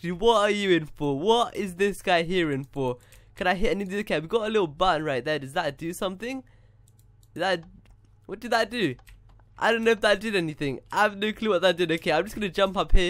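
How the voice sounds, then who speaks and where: A young man with a high, bright voice, talking through his gameplay in a loose, excitable ramble. He wonders aloud about each step and keeps calling everyone dude. The sound is very dry and close, with no room sound at all. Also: no echo. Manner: excitable, talks to himself, says dude a lot. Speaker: gaming YouTuber. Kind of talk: casual Minecraft gameplay commentary.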